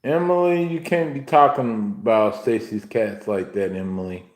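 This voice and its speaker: A man's voice: lowish voice, animated, moderate pace, echoey room. A young man hosting a livestream, indignantly scolding a viewer in the chat with repeated questions. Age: young adult. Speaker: livestream host.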